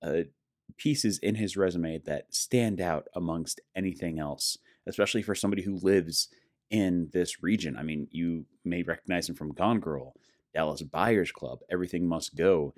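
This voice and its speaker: Low-voiced man from Colorado, upbeat podcast host, dry close room sound. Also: normal speed, dry recording. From Colorado, USA. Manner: enthusiastic, chatty, frequent laughs. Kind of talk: casual podcast intro and interview.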